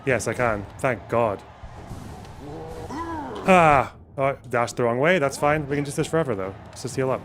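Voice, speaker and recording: A man's voice: medium pitch, normal speed, pauses often, a bit bright, faint music behind. A young man streaming a game live, reacting with constant swearing and panicky running remarks. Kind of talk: live gameplay commentary.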